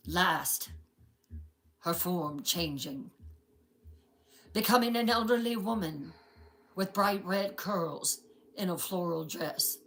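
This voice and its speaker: A woman narrating a horror story in a slow, dramatic scripted style. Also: mid-range voice, creaky, a bit bright, low-quality recording.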